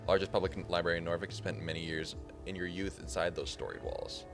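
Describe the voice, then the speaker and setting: A man's voice: deep voice, fairly even intonation, a little fast, creaky, over music. A man reading as a smug little red imp clerk. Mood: wry.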